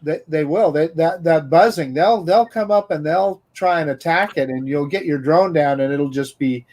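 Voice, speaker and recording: A man on a live chat show with a somewhat raised pitch. He tosses in quick, jokey remarks and wry asides among friends. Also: darkish tone.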